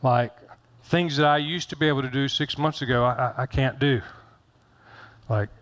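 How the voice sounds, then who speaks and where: A man's voice: medium pitch, normal speed, fairly bright tone. A middle-aged man pastor giving a conversational sermon, folksy and joking, repeating phrases for emphasis.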